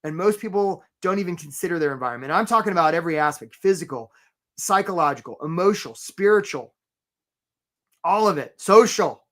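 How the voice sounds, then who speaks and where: A man's voice: high voice, lively intonation, fairly quick, fairly bright tone. Man running a live career webinar, upbeat conversational coach, greets people by name, keeps asking right.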